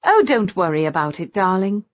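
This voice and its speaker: A young bride, breathless and sweetly cheerful with a teasing edge, played by a woman reading an audiobook. Her voice rises high and moves in lively swings. The sound is dull and lo-fi. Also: normal speed, close to an everyday voice.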